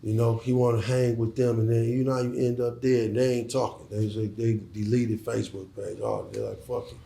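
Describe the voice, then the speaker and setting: Man, middle-aged, gravelly, emphatic, profane, stammering restarts, roomy echo. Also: mid-range voice, little pitch movement, brisk, mellow, slight background noise. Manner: emphatic, profane, repeats words when starting sentences. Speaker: guest, former hustler turned entrepreneur. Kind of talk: casual interview talk.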